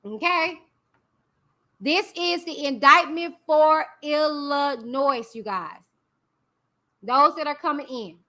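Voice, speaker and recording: A young female YouTube commentary host with a high, piercingly bright voice reads a court document aloud to her viewers. She's chatty and slangy, addressing them directly and wandering into relaxed asides as she goes.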